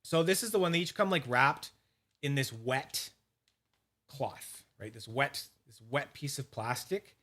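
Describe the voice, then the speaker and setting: Speaking in an expressive, fairly bright mid-range voice, the fidget collector channel host rambles and curses during a casual livestream. He shows off polishing and reads viewers' names from chat, marked by frequent restarts, fillers and rapid asides.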